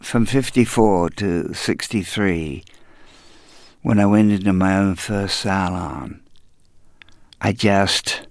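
An older man from London with a trained English accent, a hairdresser telling stories in an unhurried, anecdotal way during an interview. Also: low-pitched, steady tone, no room sound. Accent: English, elocution-trained. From London, England. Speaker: hairdresser guest. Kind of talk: relaxed interview storytelling.

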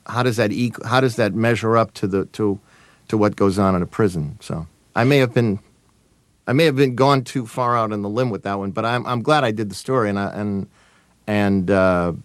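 A man being interviewed as a guest, telling stories in a halting, amused way with many restarts. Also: on the low side, no echo. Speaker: guest, TV writer and producer. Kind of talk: conversational interview storytelling.

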